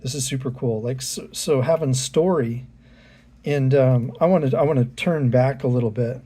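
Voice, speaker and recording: A man's voice: mid-range voice, moderate pace, warm tone, slightly rough. A man hosting his own channel, chatting casually to viewers as he walks through an art book. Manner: chatty, addresses viewers directly.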